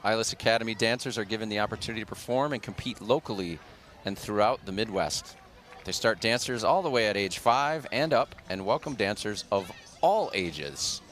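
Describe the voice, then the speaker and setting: A man's voice: fairly low pitch, expressive, brisk, a bit bright. A man doing live commentary on a local TV broadcast of a street parade. He reads sponsor blurbs and chats casually with his co-host.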